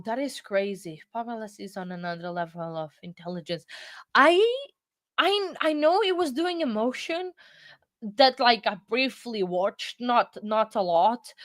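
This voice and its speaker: Hosting a casual livestream, a woman chats in a rambling, self-interrupting way, restarting often and sounding sleepy as she yawns. Her voice is medium in pitch with a fairly bright tone, captured in studio quality with no echo.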